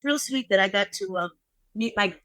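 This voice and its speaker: A woman's voice: medium pitch, moderate pace, fairly bright tone. An older woman, a guest actress, telling a personal story in a podcast interview, emotional and repeating phrases for emphasis.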